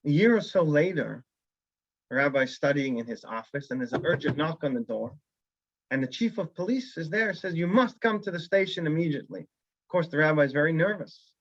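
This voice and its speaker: A man's voice: fairly high pitch, normal speed, no room sound, dull audio. A man teaching a weekly Torah class as a rabbi, telling a story and acting out the characters' lines. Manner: animated storyteller who acts out characters' lines.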